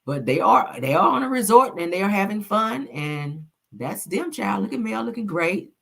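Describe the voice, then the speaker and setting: A woman hosting a casual gossip live stream, sassy and animated with lots of call-outs to chat. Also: medium pitch, moderate pace, creaky.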